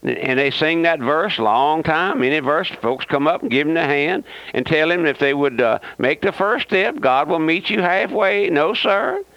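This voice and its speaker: A man's voice: a little high, expressive, normal speed, hardly any pauses, fairly bright tone, no room sound. A man preaching a radio sermon, fervent and folksy, repeating himself and firing rhetorical questions at his listeners with a sarcastic edge. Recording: dry, muffled lo-fi radio recording.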